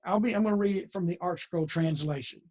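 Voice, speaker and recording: Husky man teaching scripture. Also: sits high, fast, darkish tone. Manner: folksy and digressive, with many restarts. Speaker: Bible teacher. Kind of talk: conversational Bible lesson.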